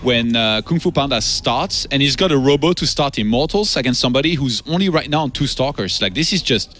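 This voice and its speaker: A man commenting on a live esports match, analytical and steady as he breaks down each player's position. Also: mid-range voice, brisk. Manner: analytical, breaks down the game state.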